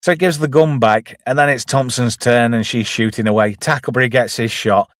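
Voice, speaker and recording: In a casual film recap, a male reviewer who hosts a channel retells a comedy scene by scene with self-mocking asides. His voice is mid-range and a bit bright, moving at a moderate pace, captured in clean, echo-free studio sound.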